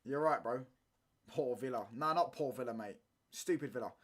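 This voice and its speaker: A man's voice: mid-range voice, moderate pace. A young man, chatting casually through a football watchalong stream in slangy banter, ending lines with "mate" and "bro".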